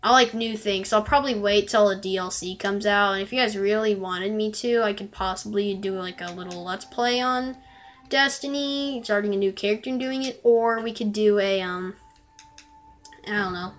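A woman's voice: medium pitch, moderate pace. Gaming creator, woman, mid-range voice, rambling commentary with sudden frustrated outbursts. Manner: chatty, rambling, bursts into frustrated exclamations. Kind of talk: gameplay commentary.

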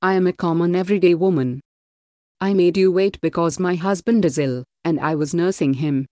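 A woman reading the part of a humble, wise housewife with steady, plain delivery in an audiobook. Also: fairly low pitch, normal speed, no echo, clean studio sound, close to an everyday voice. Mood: explaining.

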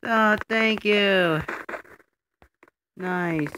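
A woman giving excited let's play commentary, full of exclamations and laughter, recorded on a phone. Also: slow, long pauses. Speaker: gaming channel host. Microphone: phone microphone. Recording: noisy, low-quality phone recording.

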